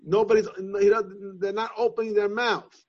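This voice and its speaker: A man giving a Talmudic lesson, reasoning aloud in halting, repeated phrases. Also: sits high, flat delivery, darkish tone. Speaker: Torah class teacher. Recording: dull lo-fi sound.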